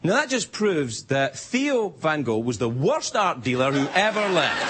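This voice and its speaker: Scottish male late-night host, wry and rambling, higher than most men, TV studio with audience and noise. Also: very animated, a little slow, few pauses, a crowd in the background. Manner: wry, rambling, jumps into silly voices. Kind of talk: stand-up monologue.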